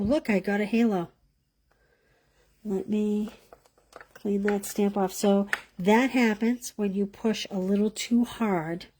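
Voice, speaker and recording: A woman's voice: mid-range voice, dark tone. A woman leading a live card-making class, chatting as she demonstrates and thinking aloud, sometimes dropping to a whisper as she works.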